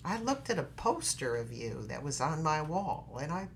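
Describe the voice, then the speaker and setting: A middle-aged actress telling a story as a podcast guest. She is expressive and dramatic, and acts out every quote. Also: sits low, normal speed, slight background noise. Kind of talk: animated storytelling in a podcast interview.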